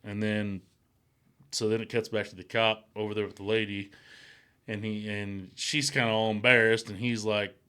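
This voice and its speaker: A man's voice: on the low side, little pitch movement, normal speed, pushed and bright, clean tone. A man in a casual podcast chat, rambling through a story with lots of swearing and acted-out quotes. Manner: rambling, acts out quotes in raised voices, swears. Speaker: podcast co-host.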